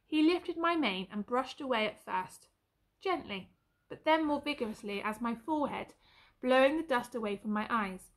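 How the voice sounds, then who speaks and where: A woman's voice: on the high side, moderate pace. Woman reading a storybook aloud. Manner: expressive, varied reading.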